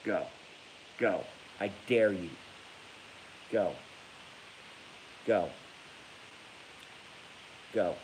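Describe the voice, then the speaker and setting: A man's voice: sits low, extremely slow, pauses often, a little mellow, slight background noise, low-quality recording. A man ranting angrily on a livestream, swearing often and breaking into laughter while reading viewer comments. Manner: angry, profane, breaks into laughter.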